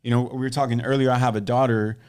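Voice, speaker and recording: A man's voice: medium pitch, fast talker, clean tone. A man, a real estate agent, telling his story as a guest on an interview podcast, acting out the dialogue he quotes. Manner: animated storyteller who acts out quoted dialogue.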